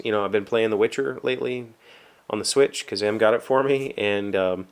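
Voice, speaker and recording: West Virginian man, lowish voice, rambling workshop vlogger, self-deprecating. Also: a little fast, clean tone. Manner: rambling, self-deprecating, with frequent fillers and restarts. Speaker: vlogger, show host. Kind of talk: casual solo chat. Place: home workshop.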